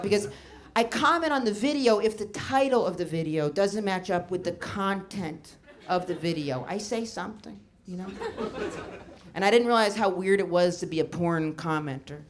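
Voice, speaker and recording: A woman comedian performing a stand-up set, telling stories in a deadpan way and acting out the people in them. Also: lowish voice. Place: comedy show before a laughing audience. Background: audience laughter.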